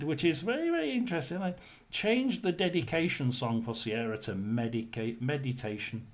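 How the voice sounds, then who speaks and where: A man hosting a casual live chat, rambling and hesitant, often clearing his throat and telling jokes to his viewers. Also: mid-range voice, sing-song, moderate pace. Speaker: host of a live tarot chat stream.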